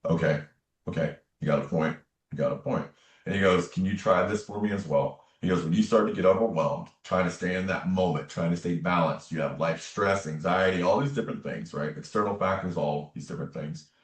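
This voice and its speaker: A man's voice: low-pitched, a little fast, hardly any pauses. A man, a spiritual medium guest, telling his story in an earnest, emphatic way with repeated phrases. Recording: roomy echo, distant from the mic.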